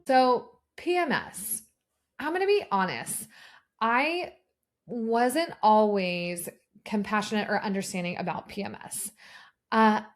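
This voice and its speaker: A woman's voice: medium pitch, animated, slow. A woman in her thirties hosting a health podcast, speaking earnestly and personally as a nurse practitioner, with frequent fillers and restarts. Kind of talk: solo podcast talk.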